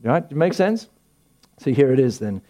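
A man's voice: medium pitch, big pitch swings, normal speed, mellow. A pastor preaching a conversational sermon to his church, with frequent restarts and rhetorical questions. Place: church hall.

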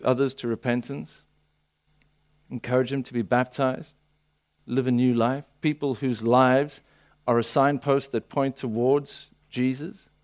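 A man preaching a sermon, telling the story with lively voicing of people. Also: medium pitch.

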